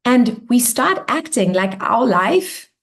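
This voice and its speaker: A woman's voice: on the high side, very animated, slow. A woman hosting a live online coaching session in an upbeat, bubbly way, acting out cheerful affirmations as she talks. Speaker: workshop host.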